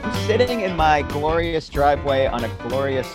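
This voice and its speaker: A man's voice: on the high side, animated, moderate pace, music in the background. A man co-hosting a podcast from his driveway, talking with wry humor. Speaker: podcast co-host. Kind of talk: casual podcast chat. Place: outdoors in a driveway.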